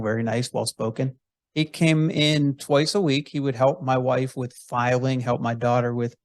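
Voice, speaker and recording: A man's voice: medium pitch, dry recording. Laid-back guy hosting a podcast, rambly chat, dry close sound. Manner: easygoing, rambling with restarts. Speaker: podcast host. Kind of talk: casual interview chat.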